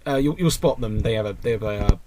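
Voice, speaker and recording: A man's voice: lowish voice, fast talker, mellow, slight background noise. A young man hosting a casual podcast over a voice call, reading listener questions and rambling with frequent restarts.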